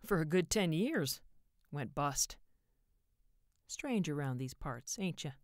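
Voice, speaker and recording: A woman's voice: deep voice, expressive, slow pace, no echo, clean studio sound. A woman doing a folksy small-town businessman. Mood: chatty. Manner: drawling, colloquial.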